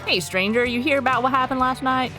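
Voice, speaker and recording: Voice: high-pitched, quick pace, pushed and bright, faint music behind, pitched above the performer's own voice. A streamer voicing a kindly male frontier barkeep in a put-on Southern drawl. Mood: gossipy. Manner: folksy drawl.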